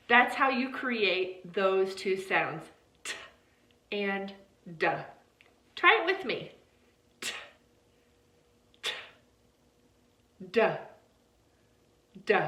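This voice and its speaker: Slow, bright-voiced woman teaching pronunciation. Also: on the high side. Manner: slow and deliberate, models sounds clearly, checks in with "okay?". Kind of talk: pronunciation lesson with repeat-after-me drills. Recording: roomy, echoey sound.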